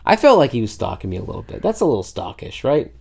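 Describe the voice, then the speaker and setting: A man's voice: mid-range voice, huge pitch swings, fast talker, creaky, a little mellow, husky. A man co-hosting a podcast, chatting casually with dry, teasing banter. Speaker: podcast co-host. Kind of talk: casual chat.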